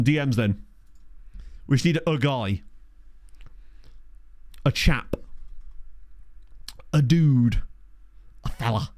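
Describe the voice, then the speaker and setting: A man's voice: mid-range voice, dry recording, clean studio sound. A young man giving chatty, jokey commentary while playing a game and thinking aloud. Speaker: gaming commentator. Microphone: studio desk mic.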